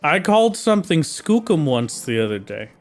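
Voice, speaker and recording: A man's voice: on the high side, big pitch swings, moderate pace. A man chatting casually with viewers while playing a game on a livestream, in a playful, jokey way. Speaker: streamer. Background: faint game music.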